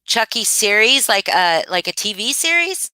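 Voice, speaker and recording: A woman's voice: medium pitch, sing-song, normal speed, sharp tone, smooth, no echo. A woman hosting a casual live stream, rambling and thinking aloud as she answers viewers, often restarting her sentences. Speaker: livestream host.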